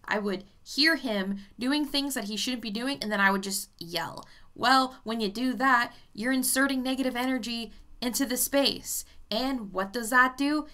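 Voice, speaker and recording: A woman's voice: fairly high pitch, normal speed, hardly any pauses, sharp tone. A woman speaking as a psychic medium in a casual vlog, chatty and blunt, swearing freely as she explains things.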